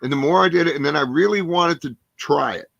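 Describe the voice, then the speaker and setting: A man's voice: a little high, fast talker, gravelly, fairly bright tone, dry recording, dull audio. A man in his sixties from New Jersey, a comedian guest telling a rambling story full of fillers and acted-out quotes. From New Jersey, USA. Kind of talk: storytelling in a podcast interview.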